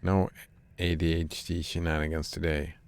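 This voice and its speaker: A man streamer reading a video game's dialogue aloud in a deadpan, unhurried way. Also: very deep voice, smooth.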